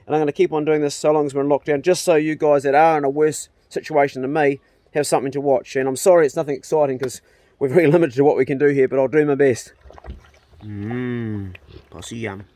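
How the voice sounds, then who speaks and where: Speaking fast in a slightly high, steady, warm voice with no room sound, a New Zealand man chats his way through a farm vlog filmed outdoors on his phone. He's a chatty, easygoing vlogger who talks to his animals as he goes.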